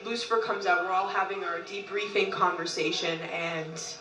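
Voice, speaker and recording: A woman telling a long story in casual talk, animated, often laughing and acting out what others said. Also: lowish voice, normal speed, distant mic. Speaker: group member recounting events. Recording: roomy, from off-mic.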